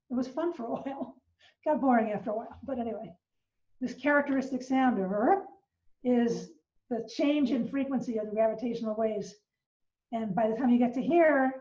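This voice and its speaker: An older woman, an astronomy professor, gives an informal online science lecture, patiently explaining each idea and pausing on fillers as she goes. Her slightly high voice sounds distant from the mic in a roomy living room. The audio is somewhat dull and muffled, with a mellow quality.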